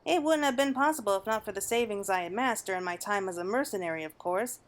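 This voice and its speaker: A woman reading the lines of a calm, blind retired mercenary who is now a male wine connoisseur in a video game, speaking in a measured, refined way. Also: medium pitch, lightly acted.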